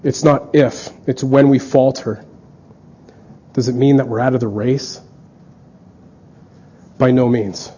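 A man's voice: mid-range voice, fairly even intonation, slow, pauses often, warm tone, breathy edge. A man preaching a sermon in an earnest way, acting out the lines of the people in his stories. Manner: earnest, acts out quoted dialogue. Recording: dull lo-fi recording.

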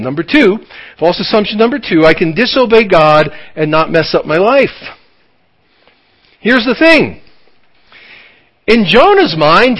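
Animated preaching man, high lively voice. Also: rough recording. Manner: animated preaching with acted-out dialogue. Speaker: pastor. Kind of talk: sermon.

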